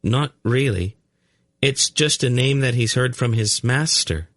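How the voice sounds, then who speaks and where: A man voicing a calm, uncanny young boy who reads minds, in an audiobook. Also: mid-range voice, unhurried, dry recording, clean studio sound, pitched above the performer's own voice. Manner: calm, matter-of-fact explaining. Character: uncanny mind-reading blond boy, calm. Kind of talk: audiobook character voice.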